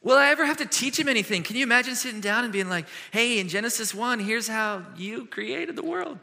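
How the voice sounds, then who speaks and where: A man preaching a sermon as a pastor, animated and earnest, moving between lively questions and hushed, gentle passages. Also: very high-pitched, fairly quick, vocal fry. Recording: long hall reverb.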